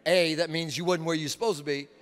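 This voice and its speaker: High-voiced preacher, slow and emphatic, with dramatic pauses, heard in a big reverberant hall. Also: male voice, fairly even intonation, clear, resonant tone. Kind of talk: sermon. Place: large conference hall.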